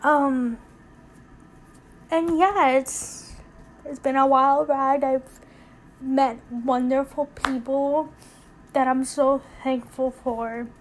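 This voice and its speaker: A woman's voice: high-pitched, fairly even intonation, extremely slow, long pauses, a little hiss or hum. A young woman hosting a casual solo podcast, rambling candidly with lots of fillers and getting emotional, close to tears. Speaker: podcast host.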